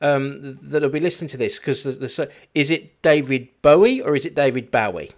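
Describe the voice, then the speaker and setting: A man's voice: mid-range voice, steady tone, brisk. A man hosting a local radio show, interviewing a guest with many fillers and restarts, then reading the news.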